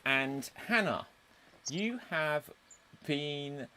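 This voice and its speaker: A man's voice: fairly high pitch, animated, extremely slow, pushed and bright. A man hosting an improv comedy stream, joking and teasing with loose, hesitant delivery. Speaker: host.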